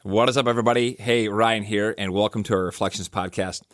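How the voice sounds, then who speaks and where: A pastor who hosts a church podcast talks casually in a fairly low, steady voice at a quick clip, recorded cleanly in a studio with no echo. He tells stories in a loose, rambling way, full of fillers, restarts and self-corrections.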